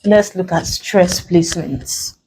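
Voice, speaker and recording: A woman with a Nigerian accent teaching an exam prep English lesson, explaining slowly and repeating key terms. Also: on the low side, darkish tone, a little hiss or hum. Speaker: English tutor.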